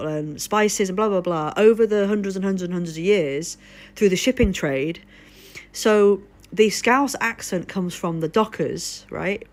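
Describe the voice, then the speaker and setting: Woman from liverpool streaming, rambly and sweary, lowish voice, keeps thanking followers. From Liverpool, England. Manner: rambling storyteller who swears casually and thanks followers mid-story. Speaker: live streamer. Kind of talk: casual chat with a live stream audience.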